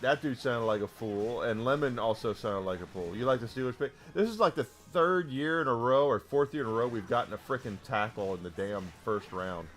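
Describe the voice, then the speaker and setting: A man's voice: mid-range voice, fairly quick, hardly any pauses, fairly bright tone. A man live-streaming a retro game, chatting casually with viewers in a rambling, talkative way. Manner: rambling, restarts, heated about sports.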